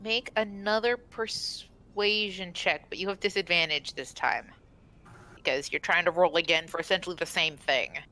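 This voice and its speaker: A woman's voice: lowish voice, moderate pace, pushed and bright, poor audio. A woman narrating as game master of a tabletop game, rambling with frequent restarts.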